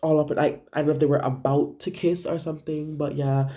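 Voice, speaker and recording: A young woman vlogger telling a casual storytime, animated, gossipy and full of swearing. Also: low voice, brisk, slight background noise.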